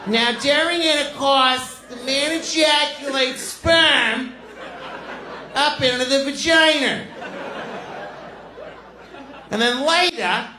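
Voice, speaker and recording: Man putting on a high-voiced older woman, schoolteacher, blunt and crude, shouting, roomy echo, noisy audience. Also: slow pace, pauses often. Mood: blunt lecturing. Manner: loud, crude, matter-of-fact. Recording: echoey room with audience noise.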